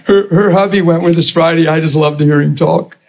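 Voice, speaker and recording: High-voiced male preacher, joking and laughing, quizzing the room; muffled lo-fi recording. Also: steady tone, brisk, gravelly. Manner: chatty and jokey, laughing often, asking the listeners questions. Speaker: pastor and Bible teacher. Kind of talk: sermon.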